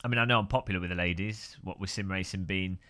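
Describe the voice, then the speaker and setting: A man's voice: low voice, steady tone, fast, sharp tone. A man hosting a casual live stream, rambling and joking while greeting viewers by name.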